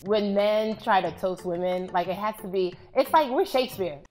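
A woman explaining slang terms in a playful, animated way. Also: medium pitch, normal speed, a little hiss or hum.

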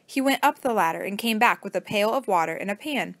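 Female storybook narrator, steady read-aloud, middle pitch, dry close mic. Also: a little fast, dry recording.

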